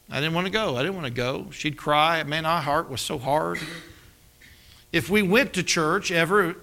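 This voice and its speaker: A man preaches, weaving his own testimony into the sermon. His voice sits a bit high, with a gravelly edge and a bright, forceful tone. He acts out the conversations in his stories and sinks to a hush at the tense parts. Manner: storytelling, acts out dialogue with dramatic drops to a hush. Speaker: pastor.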